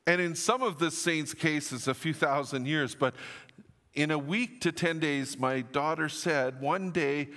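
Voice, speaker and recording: A man's voice: on the high side, unhurried, fairly bright tone. Earnest male preacher in a reverberant hall. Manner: earnest, rising to emphatic declarations. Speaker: pastor. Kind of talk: sermon.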